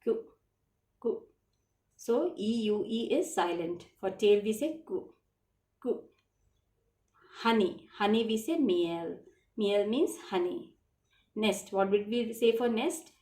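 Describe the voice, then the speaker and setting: A woman's voice: mid-range voice, animated, dark tone. Woman, teacher, patient repetition, questions she answers herself, reverberant room. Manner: slow, repetitive, asks then answers her own questions. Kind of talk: classroom French lesson for children. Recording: echoey room.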